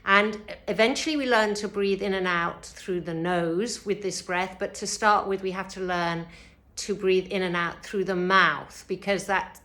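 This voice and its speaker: Woman, yoga teacher, breathing lesson, gentle and unhurried, ordinary mid pitch. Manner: gentle, unhurried, with frequent fillers. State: slightly sore throat.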